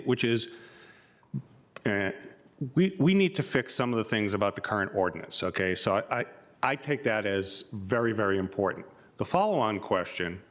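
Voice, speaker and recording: A man, the county manager, responding deliberately and haltingly at a public meeting. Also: on the low side, a bit bright.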